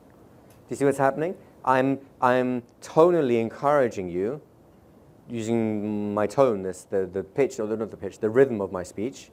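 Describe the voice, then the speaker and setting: Teaching a live seminar crowd, this man keeps things brisk and conversational, frequently engaging the room and occasionally dropping his pace sharply to illustrate something. He's a seminar trainer with a mid-range, slightly dark voice.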